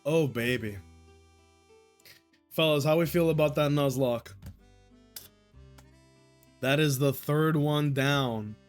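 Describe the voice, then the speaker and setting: A man's voice: a little high, slow pace, long pauses, faint music behind. A man streaming a game, joking with his chat, swearing and laughing often. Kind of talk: live gameplay commentary.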